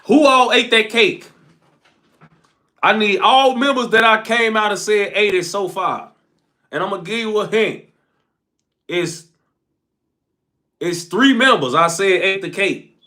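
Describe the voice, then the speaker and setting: Streamer, slightly high voice. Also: male voice, measured pace, pauses often, sharp tone. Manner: reads viewer comments aloud, ends phrases with a low trailing "folks". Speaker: live streamer. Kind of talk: casual live-stream chat reading.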